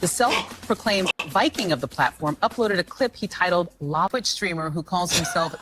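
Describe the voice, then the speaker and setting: A female synthetic voice playing a television news presenter, reading a report in a formal, even delivery, in a noisy clip. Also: on the low side, normal speed, natural voice.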